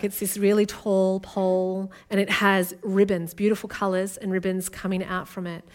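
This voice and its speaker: A woman's voice: mid-range voice, flat delivery, moderate pace. A woman, from Australia, preaching an earnest and intimate sermon as a guest speaker.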